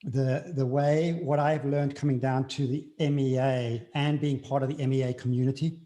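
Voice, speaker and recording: A man's voice: mid-range voice, steady tone, normal speed, dark tone. A man with a South African accent, speaking earnestly as an interview guest and repeating key phrases for emphasis. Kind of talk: reflective interview talk.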